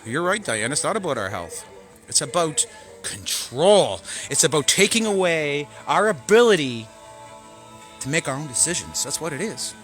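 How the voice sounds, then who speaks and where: A man, hosting his own show and ranting angrily to camera, profane, swinging between shouting and muttering. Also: fairly high pitch, very animated, moderate pace, soft background music. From Canada. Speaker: show host. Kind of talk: angry political rant to camera.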